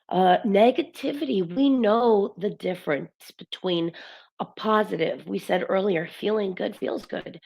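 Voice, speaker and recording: Brief: husky woman medium, unhurried and chatty, reads viewer comments live. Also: medium pitch. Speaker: spirit medium. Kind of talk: live-streamed spiritual talk.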